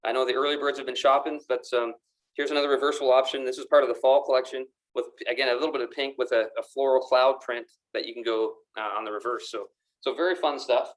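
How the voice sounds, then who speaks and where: A man's voice: mid-range voice, fairly even intonation, quick pace. Chatty man showing golf apparel. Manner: enthusiastic, repeats words often. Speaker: golf pro shop presenter. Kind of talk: casual product demonstration to camera. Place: indoor golf pro shop. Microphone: camera mic, moves around the room.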